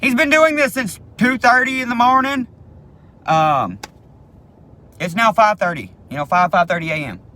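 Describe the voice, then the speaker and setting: A man telling a personal story to camera in a casual, animated way, swearing freely and acting out what people said. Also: sits high, moderate pace, pauses often. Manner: animated, swears casually, acts out quoted speech.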